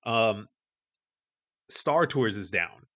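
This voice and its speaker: A lively podcast co-host with a lowish voice tells a story extremely slowly in a casual chat. He's an animated storyteller who acts out the people he quotes.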